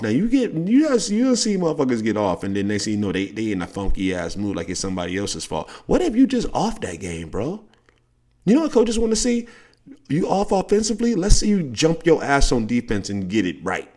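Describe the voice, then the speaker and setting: A middle-aged man who hosts a podcast and works as a coach delivers a blunt, profane motivational monologue. His voice is brisk and a little mellow, with big swings in pitch.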